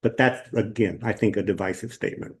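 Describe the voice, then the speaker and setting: A man's voice: lowish voice, a little fast. A man teaching a Bible class at church, talking casually with ums and rhetorical questions as he walks through slides.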